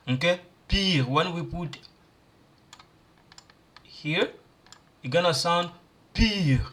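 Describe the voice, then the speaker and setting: A man teaching pronunciation, repeating syllables and words slowly for learners. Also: on the high side, expressive, fairly bright tone. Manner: slow, repeats sounds and words aloud for learners. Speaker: language teacher. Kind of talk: pronunciation lesson.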